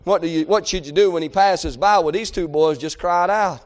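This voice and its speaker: A man preaching a sermon, swinging between shouted pleading and low, quiet talk. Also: normal speed.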